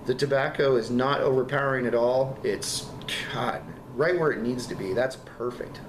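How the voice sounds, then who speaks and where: Coughing man reviewing in an echoey room. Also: mid-range voice. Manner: halting, repeats words, enthusiastic. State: fighting a lingering cough. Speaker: vape juice reviewer. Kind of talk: casual product review vlog. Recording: echoey room with background noise.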